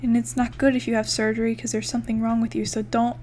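Chatty young woman gamer, high voice. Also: flat delivery, fast, darkish tone, a little hiss or hum. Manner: chatty, swears freely, thinks aloud while counting blocks. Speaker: gaming YouTuber. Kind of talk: casual Minecraft let's play commentary.

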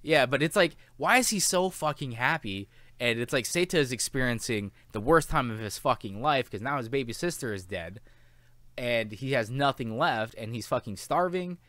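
A man co-hosting a casual film review chat, animated and swearing often as he acts out lines from the film. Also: mid-range voice, normal speed, dry recording. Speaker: podcast co-host.

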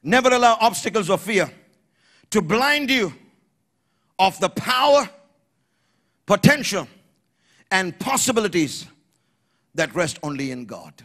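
A man preaching an emphatic sermon in church, building to shouted refrains and calling on the congregation to repeat after him. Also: high voice, sing-song, a little slow, pauses often. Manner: emphatic preaching, rising to shouts, call-and-response. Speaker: pastor.

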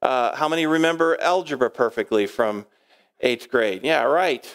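A male pastor preaching a sermon in a lively way, acting out quoted speech and chuckling often. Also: mid-range voice, moderate pace. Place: church sanctuary.

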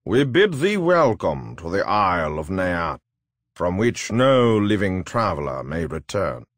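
A man reading aloud and voicing a sinister older male necromancer who speaks slowly and gravely in a storybook tale. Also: low-pitched, big pitch swings, no room sound, studio quality, heavily acted.

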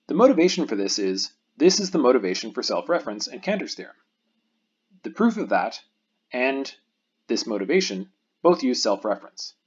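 Husky man giving a recorded math lecture. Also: medium pitch, very animated, dull audio. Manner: patient explanatory lecturing, pauses for the viewer to think.

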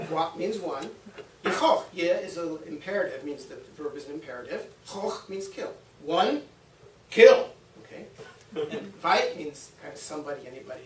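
Man, high voice, lively storyteller, lecture room, distant mic. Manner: lively storytelling, acts out quotes, laughs often. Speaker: guest lecturer. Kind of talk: anecdotal university talk. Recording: roomy, from a distance, faint hum.

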